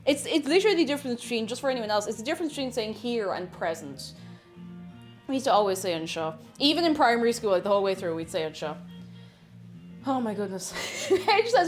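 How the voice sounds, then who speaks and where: A woman's voice: fairly high pitch, sing-song, fast, faint music behind. A young woman with an Irish accent, chatting casually on a live stream while she bakes, reading chat aloud and joking along. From Ireland.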